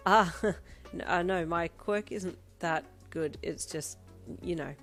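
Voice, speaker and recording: A woman's voice: on the low side, slow pace, fairly bright tone, soft background music. A woman voicing a cheerful, goofy teenage girl with a playful, theatrical way of talking, in a storybook reading.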